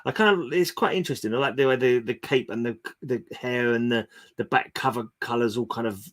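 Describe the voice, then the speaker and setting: A man talking comics in a loose, joking way, often restarting his sentences. His voice sits at an ordinary middle pitch for a man, and his tone is relaxed and conversational. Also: fairly quick. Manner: chatty, jokey, restarts mid-sentence. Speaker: comic collector co-host. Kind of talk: casual chat.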